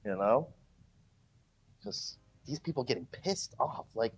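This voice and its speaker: A man's voice: medium pitch, takes it slowly, long pauses, breathy edge, faint music behind. A man hosting a casual livestream, chatting with viewers and ranting with jokes and mocking voices. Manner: animated, joking rants with mocking voices. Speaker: livestream host.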